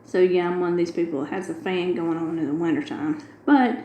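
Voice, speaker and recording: A woman's voice: lowish voice, steady tone, fairly quick, dark tone, reverberant, a little hiss or hum, rough recording. A middle-aged woman, chatting casually and retelling a long everyday story with quoted dialogue. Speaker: craft video host. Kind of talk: casual chat while diamond painting.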